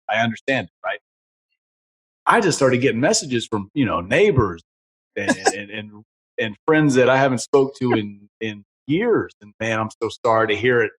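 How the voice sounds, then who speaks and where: A man who wrestles professionally, telling stories in a casual chat, swearing freely and getting worked up. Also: mid-range voice. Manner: profane, heated storytelling. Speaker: pro wrestler guest.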